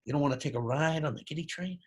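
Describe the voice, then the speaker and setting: A man's voice: a little high, fast, slightly rough. Man doing a sleazy arcade boss, leering, ex-military. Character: creepy ex-Air Force male arcade boss.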